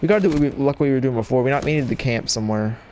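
A man giving live gameplay commentary at his computer desk at home, excitable and yelling at opponents in bursts, on a cheap mic with no windscreen. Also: medium pitch, very fast, slight background noise. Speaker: gaming channel host. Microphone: cheap headset mic without windscreen.

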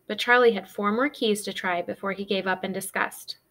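Female teacher, chapter-book read-aloud, steady expressive narration. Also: mid-range voice, a little fast, hardly any pauses.

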